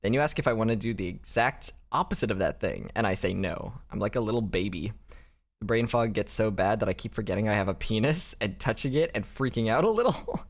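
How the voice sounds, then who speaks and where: A young man narrating a casual diary vlog in a rambling, self-deprecating way, halting and restarting often. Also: lowish voice, expressive. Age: young adult. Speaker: vlogger.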